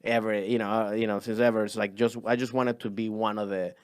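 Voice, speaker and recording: A man's voice: lowish voice, a little fast, clean tone. Man with a Venezuelan Spanish accent. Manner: rambling, many restarts, animated when telling stories. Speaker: podcast guest, comedian. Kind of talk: casual chat.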